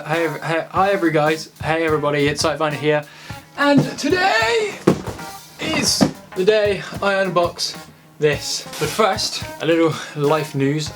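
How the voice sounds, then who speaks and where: Lad unboxing stuff at his desk, swears a lot, gets all hyped, music playing behind him. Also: fairly high pitch. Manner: excitable, sweary, rambling. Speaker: photography vlogger. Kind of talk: casual unboxing vlog. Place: at home by a desk. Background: background music.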